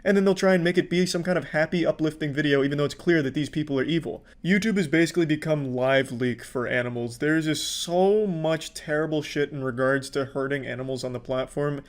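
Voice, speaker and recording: A young man giving a casual commentary monologue in a deadpan, flat delivery, swearing often. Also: fairly high pitch, brisk, hardly any pauses. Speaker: commentary YouTuber.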